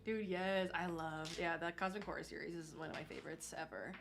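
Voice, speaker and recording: A woman hosting a casual livestream from her desk at home, talking in a gushing, excitable, slangy way. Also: fairly low pitch, a little fast, creaky, music in the background. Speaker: livestream host.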